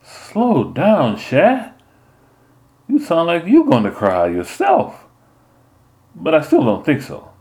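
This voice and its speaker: A man's voice: fairly high pitch, huge pitch swings, takes it slowly, long pauses, darkish tone, voice pushed up, heavily acted. A man voicing a big, stern Louisiana mother who scolds firmly and talks in drawling folk speech. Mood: anxious scolding.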